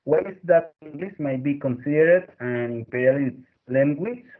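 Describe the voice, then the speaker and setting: A man's voice: a little high, normal speed, narrow, tinny audio. A young man student giving a class presentation, reading carefully from notes. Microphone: computer mic on a video call.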